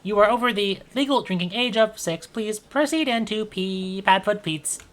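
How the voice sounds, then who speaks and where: A woman's voice: medium pitch, normal speed, voice pushed up, close to an everyday voice. A woman voicing a formal, rule-bound robot doorman who talks in a stiff, officious, polite way.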